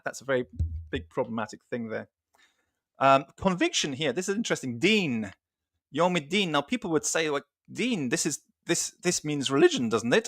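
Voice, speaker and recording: A man's voice: a little high, fairly bright tone, dry recording, studio quality. A man hosting a casual discussion, talking through a book thoughtfully with frequent ums and restarts. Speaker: host.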